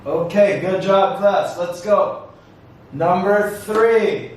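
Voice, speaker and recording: A man teaching an English class, slowly modeling words and phrases for students to repeat. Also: sits high, very echoey, distant mic, slight background noise, rough recording. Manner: slow, deliberate, drawn-out modeling of words. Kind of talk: classroom lesson, slow repeat-after-me drills.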